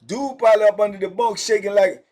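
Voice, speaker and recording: A middle-aged man telling a prison story in a casual, animated way, full of slang and talking straight to his listeners. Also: high-pitched, fast.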